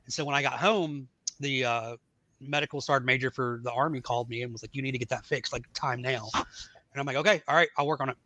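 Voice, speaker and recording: A middle-aged man telling his life story in a casual podcast chat, acting out the dialogue of the people in it with animated voices. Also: medium pitch, brisk, no room sound. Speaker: podcast guest.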